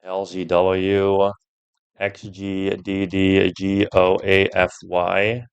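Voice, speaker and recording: A young man commenting while he plays a puzzle game, thinking out loud, swearing often and getting loudly frustrated. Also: low voice, monotone, very slow, smooth, lo-fi sound. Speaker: gameplay streamer.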